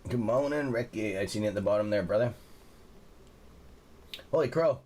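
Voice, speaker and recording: A man's voice: fairly low pitch, fast talker, a little mellow. A man hosting a livestream, telling rambling stories with a lot of profanity. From Canada. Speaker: livestream host. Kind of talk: casual livestream chat.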